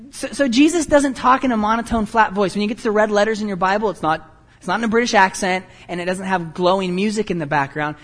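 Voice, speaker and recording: Animated high-voiced male preacher. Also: big-room sound. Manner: animated, self-deprecating storytelling with quick asides. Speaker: pastor. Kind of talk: sermon.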